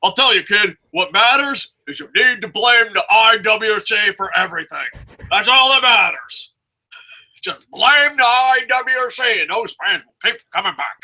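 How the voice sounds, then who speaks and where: A man putting on the voice of a gruff old male wrestling boss with a growly drawl. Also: high-pitched, expressive, measured pace, pushed and bright, full character voice, poor audio. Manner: growly tough-guy drawl.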